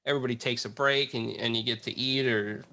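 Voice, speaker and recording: A man's voice: mid-range voice, fairly even intonation, quick pace, bright, forceful tone. A man hosting a podcast, asking long, rambling interview questions with fillers. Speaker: podcast host.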